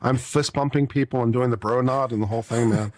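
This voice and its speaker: Fast-talking man reading legal text. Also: medium pitch, fairly even intonation, darkish tone. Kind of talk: reading a legal brief aloud with commentary.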